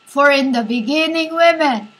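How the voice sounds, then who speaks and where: A woman giving a rambling spiritual monologue as a self-styled preacher, halting and repetitive, often calling her listeners "women". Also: sits high, fairly bright tone, rough recording.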